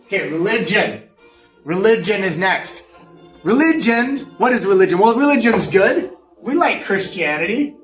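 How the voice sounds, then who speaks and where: In a comedic lesson skit, a man plays a pompous, boastful fascist who lectures with smug self-importance. His voice sits high and a bit bright with lively intonation at a moderate pace. He is off-mic and distant, with roomy echo and faint music in the background.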